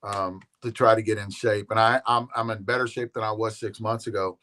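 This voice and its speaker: A man's voice: on the low side, fairly even intonation, brisk, sharp tone. Laid-back rambling man chatting. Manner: rambling, laid-back, swears casually, repeats words. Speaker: regular guest on a live show. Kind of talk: casual chat.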